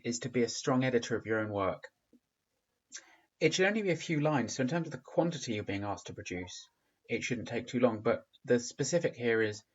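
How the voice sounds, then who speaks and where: A man from England, working as a teacher, gives a recorded remote lesson in a calm, instructive way with frequent fillers. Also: medium pitch, muffled recording.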